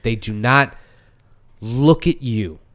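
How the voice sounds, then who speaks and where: A man's voice: mid-range voice, slow pace, a bit bright. A man co-hosting a podcast in casual chat, ranting and mocking the voices of others. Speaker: podcast co-host.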